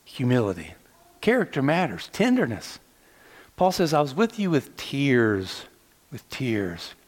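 A man's voice: mid-range voice, wildly swooping pitch, unhurried, in a large hall. A man from the southeastern United States preaching a sermon to his congregation, mixing teasing asides with rhetorical questions. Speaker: pastor. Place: large church hall.

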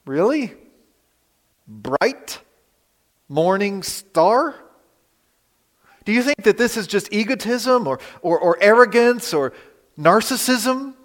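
Animated pastor with a high voice. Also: male voice, big-room sound. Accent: Western Pennsylvania. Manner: animated, rhetorical questions, dramatic pauses. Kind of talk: sermon. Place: church sanctuary.

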